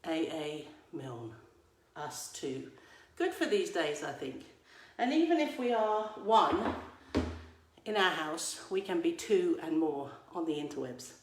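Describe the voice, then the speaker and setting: A woman's voice: lowish voice, very animated, a little slow, a little hiss or hum. An Englishwoman vlogging at home, talking to viewers through a phone camera held at arm's length, with playful, teacherly asides. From England. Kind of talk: casual chat to viewers. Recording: echoey room.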